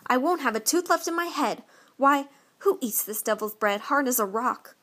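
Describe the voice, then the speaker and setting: A woman voicing a boastful, gluttonous male giant with a loud, blustering manner in a storybook reading. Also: very high voice, moderate pace, full character voice.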